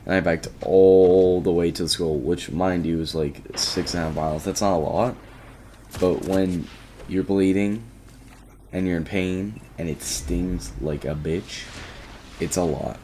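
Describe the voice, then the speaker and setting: A man's voice: sits low, steady tone, unhurried, dark tone, a little hiss or hum. A teenage boy casually telling a rambling story about his day, often quoting himself and restarting his sentences. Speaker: vlogger.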